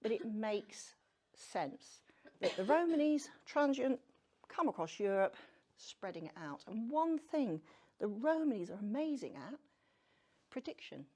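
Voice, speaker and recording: A woman's voice: a little high, sing-song, measured pace, a little mellow. A woman giving a chatty, self-deprecating talk on tarot to a live audience, often asking them questions. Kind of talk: casual lecture to a live audience. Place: venue room with an audience.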